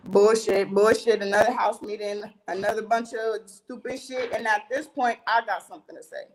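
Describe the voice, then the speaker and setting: A woman's voice: mid-range voice, fairly even intonation, a little fast, a little hiss or hum, poor audio. A young woman animatedly telling a profane story about a fight, acting out the arguments with emphatic, heated delivery. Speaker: reality TV cast member telling a story.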